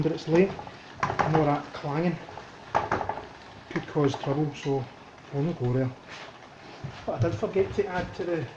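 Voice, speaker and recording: A relaxed Scottish man talking his way through a home cooking session, chatty and unhurried, at a mid pitch. The recording is dull and lo-fi, with a roomy kitchen echo and steady noise behind him. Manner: chatty, relaxed, thinks aloud while cooking. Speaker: cooking vlogger. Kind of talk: casual cooking commentary.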